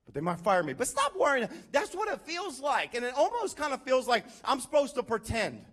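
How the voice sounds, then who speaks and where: A male pastor preaching a sermon in a conversational, animated way, calling out questions to his congregation. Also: extremely high pitch, brisk.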